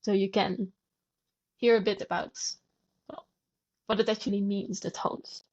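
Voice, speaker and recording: A woman's voice: medium pitch, steady tone, unhurried, darkish tone, lo-fi sound. A woman guest on a podcast, patiently explaining language and demonstrating sounds aloud. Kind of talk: conversational explanation.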